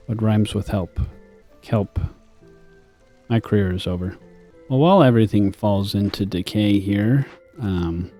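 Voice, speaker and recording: Deadpan young man rambling over gameplay. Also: lowish voice. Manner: deadpan, self-mocking asides. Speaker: gaming streamer. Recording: faint music behind.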